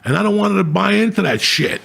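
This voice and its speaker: A middle-aged podcast host with a gravelly, high-sitting voice talks a little fast as he tells crude, rambling stories. He's animated and swears constantly throughout.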